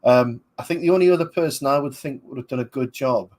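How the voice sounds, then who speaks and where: A man's voice: mid-range voice, quick pace, a little mellow. A man, rambling casually as a podcast host reviewing a film, with many fillers. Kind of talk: casual movie commentary.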